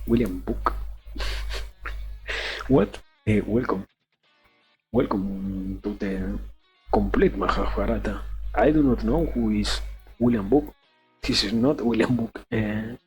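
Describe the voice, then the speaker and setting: A man's voice: fairly low pitch, slightly rough. Laughing male streamer. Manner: laughing, swearing, joking asides. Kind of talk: casual reading stream with commentary.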